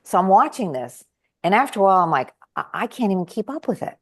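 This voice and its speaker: A woman guest telling stories in conversation, animatedly acting out the voices of the people she quotes. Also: fast talker. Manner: animated, acts out quoted voices with big jumps in pitch. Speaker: guest speaker and trainer. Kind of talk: conversational storytelling.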